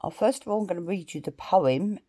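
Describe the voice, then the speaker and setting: A woman's voice: lowish voice, dark tone, dry recording, clean studio sound. A woman in her fifties, an English teacher, giving a recorded homework lesson and explaining things patiently, step by step. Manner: reads the poem slowly and deliberately.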